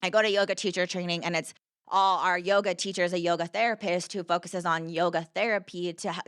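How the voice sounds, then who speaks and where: A woman's voice: on the low side, fairly bright tone, clean tone, no echo, clean studio sound. Earnest young woman telling her story. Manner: earnest, repeats herself, many "like" fillers. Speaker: podcast guest. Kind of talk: conversational storytelling.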